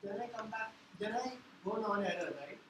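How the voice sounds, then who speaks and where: A man's voice: high-pitched, a little fast, fairly bright tone. A man in the audience asks the speaker a hesitant question, laying out his case with fillers. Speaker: audience member asking a question. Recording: distant, roomy, noisy audience pickup.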